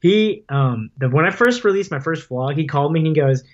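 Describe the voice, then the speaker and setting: With a voice on the high side, animated and a little fast, this man, a paintball player and vlogger, guests on a podcast and rambles through stories packed with "like" and "um." The casual talk comes through dull lo-fi sound.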